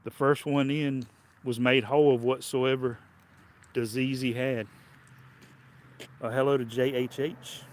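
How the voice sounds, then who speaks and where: A man's voice: mid-range voice, flat delivery, a little slow, pauses often. A man with a Southern US accent preaching a livestreamed sermon in a folksy, colloquial way, often repeating and restarting his phrases.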